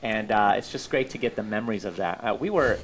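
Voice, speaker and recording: A man's voice: lowish voice, expressive, fast, a little hiss or hum. Upbeat chatty male talk show co-host. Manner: chatty, upbeat, many fillers and laughs. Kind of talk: casual talk show chat.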